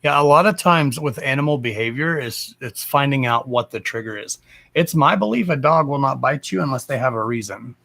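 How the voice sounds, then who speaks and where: A man's voice: medium pitch, expressive, a little fast, creaky, bright, forceful tone. A man hosting a casual live stream, talking bluntly and with plenty of swearing, and breaking off to speak to his dogs. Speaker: live-stream host and dog owner.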